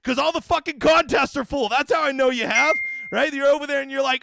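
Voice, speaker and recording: A man's voice: very high-pitched, brisk, vocal fry, bright, forceful tone. A man hosting a fantasy golf livestream in a casual, profane, ranting way, with brash jokes aimed at his viewers. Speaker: daily fantasy golf streamer.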